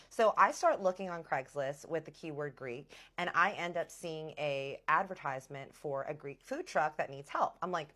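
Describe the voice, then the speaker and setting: A woman telling a personal story in a vlog, animated and dramatic, with big emotional swings. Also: deep voice, moderate pace, few pauses. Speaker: vlogger.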